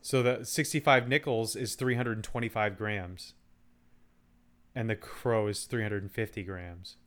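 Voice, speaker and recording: A man's voice: fairly low pitch, steady tone, measured pace, fairly bright tone. A man co-hosting a casual podcast, wry and reasoning things out aloud as he talks, with a few restarts. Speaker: podcast co-host. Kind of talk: casual chat.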